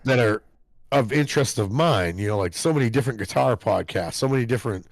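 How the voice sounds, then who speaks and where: A man's voice: medium pitch, quick pace, gravelly, dry recording. A man co-hosting a podcast, chatting casually, swearing a lot and acting out voices as he tells stories. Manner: swearing, storytelling, mimics voices. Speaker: podcast co-host. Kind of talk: casual chat.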